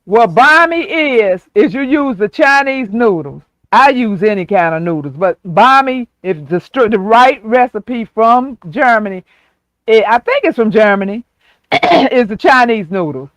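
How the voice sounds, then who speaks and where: A man's voice: extremely high pitch, lively intonation, unhurried, a bit bright, no room sound. A man hosting a casual stream chat, folksy and talking people through a recipe step by step. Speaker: show host.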